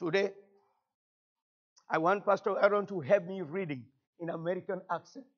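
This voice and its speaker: A man from Cameroon with a Cameroonian French accent, whose first language is French, preaching a fervent sermon as a guest pastor, repeating phrases and rising to shouts. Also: high-pitched, normal speed, muffled recording.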